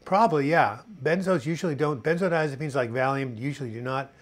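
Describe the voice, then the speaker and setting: Man, 60s, live-stream host, chatty, corny jokester, mid-pitched voice. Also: fairly quick. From United States. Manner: chatty, tells corny jokes and puns, reads viewer comments aloud. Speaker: host of a live video chat on mental health. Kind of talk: casual live-stream chat.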